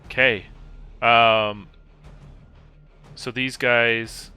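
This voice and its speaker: Bright-voiced man running a tabletop game. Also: mid-range voice, little pitch movement, smooth, no echo, soft background music. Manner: casual, halting with fillers and restarts. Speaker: game master.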